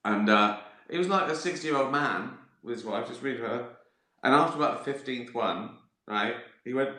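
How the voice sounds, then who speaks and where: A man's voice: mid-range voice, expressive, moderate pace, bright, forceful tone, roomy sound. A middle-aged man, chatting casually on a livestream, rambling, swearing and laughing at his own stories. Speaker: livestream host answering viewer questions. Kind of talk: casual chat.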